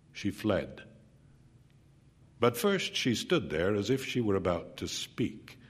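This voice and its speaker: His voice fairly low with a breathy edge, a man recounts his own story dramatically and intensely, at times sinking almost to a whisper.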